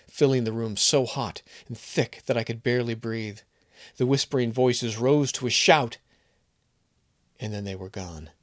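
A man's voice: lowish voice, dry recording, clean studio sound. A man reading a short story aloud, voicing the characters' dialogue with strong emotion. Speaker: narrator. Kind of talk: scripted story narration.

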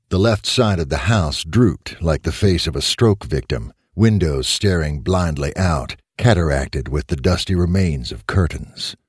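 Deep husky male story narrator. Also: dry recording, clean studio sound. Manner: expressive storytelling. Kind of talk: audiobook narration.

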